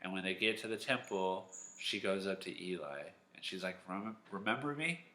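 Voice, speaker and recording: A man teaching a Sunday school lesson at home, telling a Bible story in a lively, animated way. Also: low-pitched, normal speed. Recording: echoey room.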